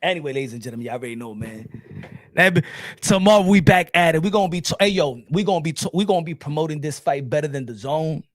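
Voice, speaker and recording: Animated, mocking New man ranting. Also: a little high, fast, no echo, clean studio sound. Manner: loud, mocking, laughing, with stammered restarts. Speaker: boxing commentator.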